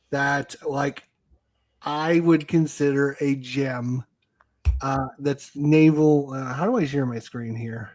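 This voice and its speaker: A man's voice: mid-range voice, steady tone, slow pace, darkish tone. Enthusiastic man hosting a live stream. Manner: enthusiastic, repeats himself for emphasis. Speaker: host. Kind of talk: casual live-stream chat. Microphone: video call.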